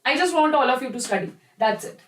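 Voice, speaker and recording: Fast-talking, with lively intonation and a high, somewhat bright voice, a young woman with an Indian English accent runs a live online chemistry class. She's chatty and encouraging, addressing students as "bacha," though the audio is poor and the room echoey.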